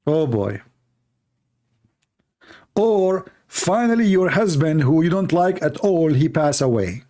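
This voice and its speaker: A man's voice: on the high side, big pitch swings, slow pace, warm tone. Sarcastic man with non-native English. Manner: sarcastic, jokey, repetitive. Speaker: livestream host. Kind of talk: mocking religious commentary.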